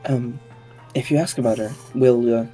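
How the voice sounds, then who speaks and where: A man runs a tabletop game, playing characters and narrating in a hesitant way. His voice is dark and mellow. Faint music plays behind him. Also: medium pitch, fairly even intonation, normal speed. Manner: hesitant, lots of ums. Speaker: game master.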